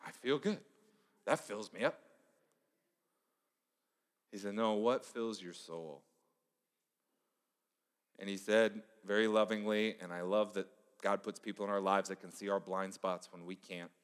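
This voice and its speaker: A man's voice: low-pitched, a little slow, long pauses. Male pastor, middle-aged, storytelling sermon style, long hall reverb. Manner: conversational, storytelling, drops to a hush for emphasis. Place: church sanctuary. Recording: echoey church hall.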